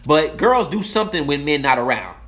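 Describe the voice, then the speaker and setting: A man giving an impassioned, profane talk, blunt and emphatic, swinging from loud outbursts to low, slow asides. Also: big pitch swings. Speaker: speaker giving a timed talk. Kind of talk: impassioned monologue.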